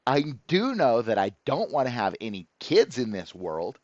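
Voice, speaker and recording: A man's voice: medium pitch, sing-song, normal speed, no room sound. An exasperated man vents to his viewers, swearing and sneering as he goes. His voice swoops up and down with a lot of movement. It comes through a dry, dull, lo-fi recording with no room sound. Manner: profane, sarcastic, exasperated. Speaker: channel host. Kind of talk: ranting to camera.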